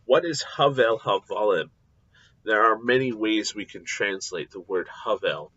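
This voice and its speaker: A man giving a recorded scripture lecture, explaining deliberately with frequent pauses and fillers. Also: fairly low pitch, expressive, sharp tone, husky, no echo, muffled recording. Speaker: Bible teacher.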